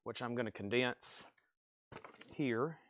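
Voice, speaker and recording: A man hosting a live record sale who rattles off bids and prices in quick auctioneer fashion while moving around the shop. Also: medium pitch, fairly bright tone, a little hiss or hum. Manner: rapid auctioneer-style bid calling. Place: record store.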